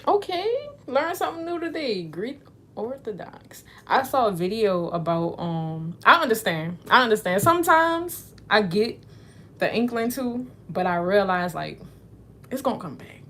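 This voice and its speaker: A woman's voice: a little high, big pitch swings, a little slow, a bit bright. A young adult woman livestreaming, reading out viewers' questions and answering them in a loose, rambling chat full of fillers. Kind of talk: casual chat.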